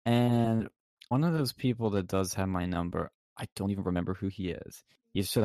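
A man's voice: low-pitched, brisk, gravelly, no echo. A man on a podcast telling a story in casual chat, acting out the other side of a conversation and swearing freely. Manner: animated storytelling, acts out quotes, swears.

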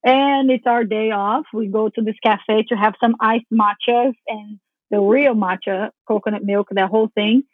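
A woman telling a personal story in a casual podcast chat, lively, swearing freely and acting out her own past thoughts. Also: on the high side, moderate pace, no echo. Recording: phone-like narrow band, dry.

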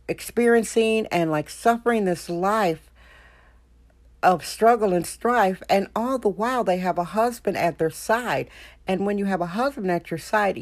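A woman's voice: mid-range voice, darkish tone. A woman hosting a solo podcast, talking in an opinionated, emphatic way with lots of rhetorical questions. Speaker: podcast host.

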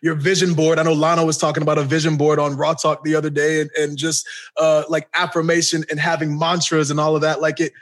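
A man's voice: on the high side, completely flat delivery, quick pace, fairly bright tone. A man co-hosting a podcast in casual chat, teasing and laughing through his words. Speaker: podcast co-host.

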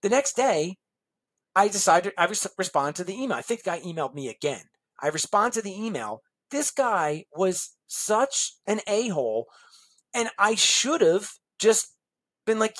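A man sits as a guest on an interview podcast, telling a rambling personal anecdote. His voice has a husky, slightly breathy edge. He acts out the people in his story as he goes along. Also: high-pitched, moderate pace. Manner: lively storyteller acting out other people's lines.

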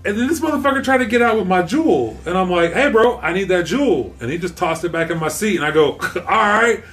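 Animated, cursing storyteller man. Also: high voice, brisk. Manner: profane, animated storytelling with acted-out quotes. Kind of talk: casual chat, storytelling.

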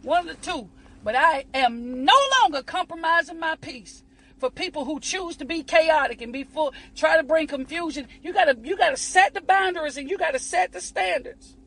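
A woman's voice: high-pitched, normal speed, fairly bright tone, poor audio. A woman giving a fervent preaching-style motivational talk, repeating herself and calling listeners honey and baby. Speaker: inspirational speaker.

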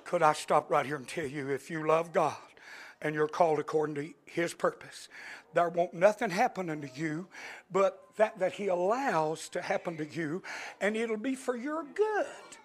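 A male preacher delivering an impassioned sermon, dropping to a hush and then shouting, with frequent amens. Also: fairly high pitch, moderate pace. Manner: impassioned, swings between hushed and shouting, peppered with amens. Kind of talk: Pentecostal-style sermon.

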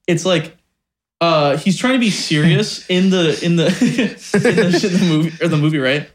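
High-ish guy chatting w friends, laughs a lot, swears, rambles. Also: expressive, moderate pace. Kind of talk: casual chat among friends.

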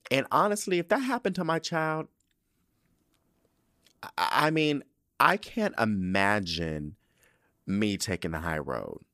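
Man, podcast host, casual recap, animated and profane, lowish voice, dry sound. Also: slow, pauses often, no echo. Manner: animated, profane, sassy storytelling.

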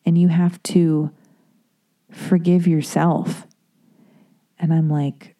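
Dark-voiced woman rambling confessionally. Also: low-pitched, steady tone, brisk. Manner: rambling, confessional, heavy use of "like". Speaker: storyteller. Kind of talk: candid personal monologue.

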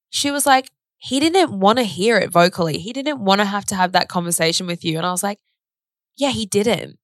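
A woman's voice: medium pitch, brisk, no room sound, clean studio sound. Candid woman telling a story. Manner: candid, animated retelling with frequent "like" and swearing. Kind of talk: casual emotional conversation.

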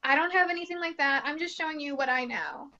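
A woman chatting casually as a podcast co-host, telling animated stories, acting out the voices of people she quotes and laughing often. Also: high voice, quick pace, dull audio. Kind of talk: casual chat, storytelling.

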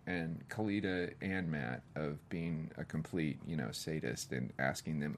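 Animated man telling set stories. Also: a bass voice, moderate pace, a little hiss or hum. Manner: animated storyteller, acts out quotes, laughs often. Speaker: guest, director. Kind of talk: casual podcast chat.

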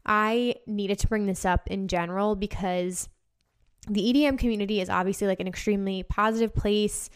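Smooth-voiced woman ranting passionately. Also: mid-range voice, fairly even intonation, fairly quick. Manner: passionate, swears freely, frequent "like" fillers. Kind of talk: casual monologue.

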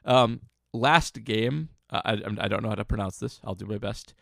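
A man co-hosting a sports podcast, breaking down stats in an easy, analytical way. His voice is heavily gravelly and full of vocal fry. It sounds dry and close to the mic. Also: lowish voice, moderate pace, a bit bright, dry recording. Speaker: podcast co-host. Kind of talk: casual sports podcast chat.

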